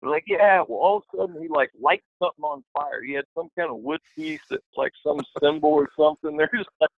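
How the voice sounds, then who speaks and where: Guy with a gravelly voice telling a story, sounds like a tinny phone line, totally dry. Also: on the high side, fast talker, dry recording. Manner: animated, lively anecdote with quoted voices. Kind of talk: casual storytelling.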